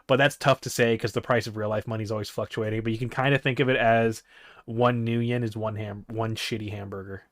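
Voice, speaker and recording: A man's voice: on the low side, fairly even intonation, a little fast, no echo, clean studio sound. A man narrating a tabletop game as game master in a loose, joking manner. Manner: loose, joking, with frequent swearing.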